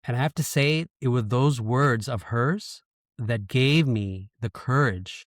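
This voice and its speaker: A man speaks slowly at medium pitch in a clean studio recording free of room sound. He's a Canadian in his thirties appearing as a podcast guest, telling a personal, emotional story frankly during a relaxed interview and swearing from time to time.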